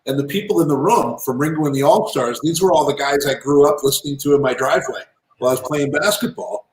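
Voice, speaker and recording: A man telling lively business anecdotes as an interview guest, in a casual, animated manner. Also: fairly high pitch, quick pace. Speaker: guest, entrepreneur and author. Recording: roomy echo.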